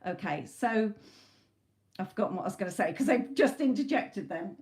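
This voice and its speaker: A woman's voice: medium pitch, expressive, a little fast, a little mellow. A middle-aged woman hosting a live tarot stream, talking in a chatty, emphatic way and swearing casually. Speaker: tarot reader. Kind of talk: live-stream spiritual talk.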